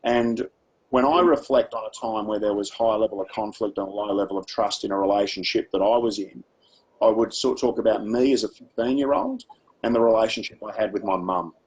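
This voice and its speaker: A man's voice: on the low side, a little fast, a little mellow, slightly rough, dull audio. A man with an Australian accent leading a workshop for teachers, speaking in a conversational, practical way and using personal stories. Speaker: education speaker.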